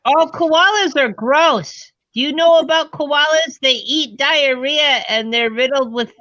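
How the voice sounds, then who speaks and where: A woman's voice: high-pitched, a little slow, pushed and bright, no echo. A woman making matter-of-fact comments in a casual chat while watching a movie with friends. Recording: dry, dull lo-fi sound.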